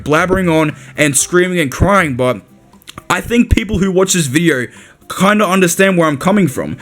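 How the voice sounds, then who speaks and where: A man's voice: high voice, fairly bright tone. A young man hosting a fight-sports channel, ranting furiously with heavy swearing and repetition, saying he is livid. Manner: heated, profane, repeats himself and says bro. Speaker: MMA commentary channel host. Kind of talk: angry rant to camera.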